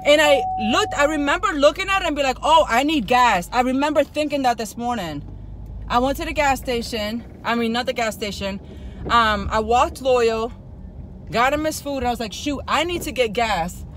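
A woman's voice: high-pitched, normal speed, a bit bright. A woman vlogging outdoors at night near a gas station, cursing, scolding herself and bluntly lecturing her viewers. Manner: profane, self-scolding venting. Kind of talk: casual vlog monologue. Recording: outdoor traffic noise.

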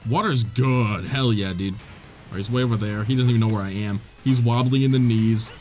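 A young man giving excitable, swearing let's play commentary, his voice jumping high when the game gets tense. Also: a little fast, faint music behind. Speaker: gaming YouTuber.

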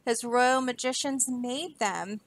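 A woman's voice: a little high, takes it slowly, no echo. A woman voicing an earnest, anxious page boy while reading a storybook aloud. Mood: urgent. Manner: urgent, pleading.

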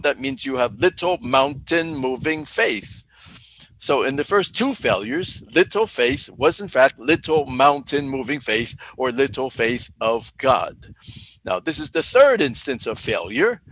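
A man teaching a Bible lesson in a deliberate way, asking questions and then answering them himself. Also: mid-range voice, fairly bright tone, slightly rough, low-quality recording. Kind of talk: teaching sermon.

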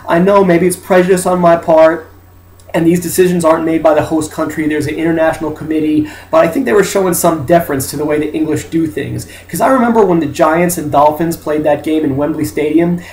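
A man talks through a wry opinion monologue in a slightly high voice. He is emphatic and drops in mocking asides. The room around him is echoey. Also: a little mellow, a little hiss or hum. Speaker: commentator.

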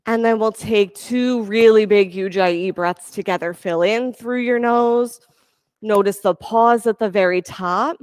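Woman, yoga instructor, encouraging, medium pitch, dry sound. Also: clean tone, dry recording. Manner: calm, encouraging cueing of breath and poses. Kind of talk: guided yoga class instruction.

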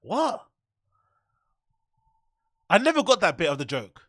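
A man's voice: high-pitched, wildly swooping pitch, slow pace, pushed and bright, dry recording, studio quality. A man hosting a reaction video, mocking and swearing freely as he comments.

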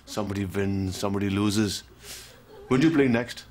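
Brief: actor as a dry, teasing Glaswegian corner-shop owner. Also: male voice, lowish voice, moderate pace, a little mellow, slight background noise, natural voice. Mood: sardonic. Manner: sardonic, teasing. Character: wry middle-aged male Glasgow shopkeeper.

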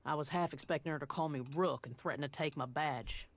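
A woman's voice: sits low, fairly quick. A woman voicing a wry young mercenary in a video game, dry and sardonic.

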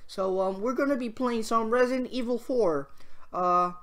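A young man with a cold, hosting a gaming channel and giving excitable, chatty let's-play commentary while talking to the game. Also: very high voice, moderate pace. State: under the weather, coughing.

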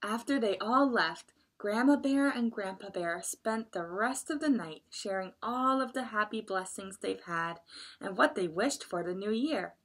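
A woman librarian with a husky, mid-range voice takes her time reading a picture book at children's story time. Expressive throughout, she drops in chatty comments for the children.

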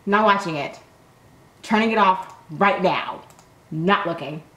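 A woman hosting an anime reaction video, swearing, gasping and shouting at the screen. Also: lowish voice, a little slow, roomy sound. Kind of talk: excited reaction commentary.

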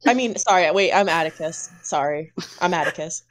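A woman playing a tabletop role-playing game, answering in character with quick, sassy lines. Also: lowish voice, no room sound. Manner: sassy, quick, laughs at own slips. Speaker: player.

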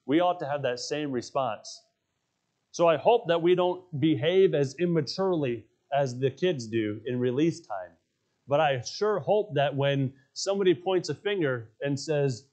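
Emphatic preaching man, slightly high voice. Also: expressive, moderate pace, darkish tone. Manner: emphatic storytelling, repeats key phrases. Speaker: pastor. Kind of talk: sermon. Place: church sanctuary.

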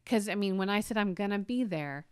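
A woman in her forties co-hosting a podcast, telling a family story with lively emotion and many restarts. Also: medium pitch, fairly quick, clean tone, dry recording, clean studio sound. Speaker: podcast co-host. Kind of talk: casual storytelling chat.

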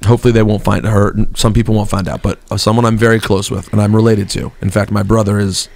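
A man's voice: on the low side, level tone, fast talker, creaky, darkish tone. A man hosting a casual morning radio show, telling a story in a joking way and doing the voices of the people in it. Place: radio studio.

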